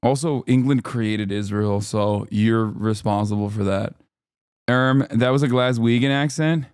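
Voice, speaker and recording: A man in his thirties doing casual stream commentary on videos, profane and sarcastic, with animated swings in delivery. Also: fairly low pitch, unhurried, clear, resonant tone, dry recording, clean studio sound.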